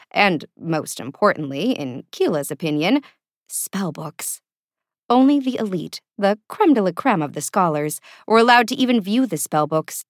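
A woman narrating a fantasy audiobook in an expressive storytelling manner. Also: lowish voice, no echo, studio quality. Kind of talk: scripted narration.

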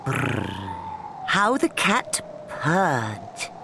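A woman narrating a children's storybook aloud in a lively, sing-song rhyming delivery. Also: a little high, slow pace, background noise. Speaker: audiobook narrator. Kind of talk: expressive storybook read-aloud.

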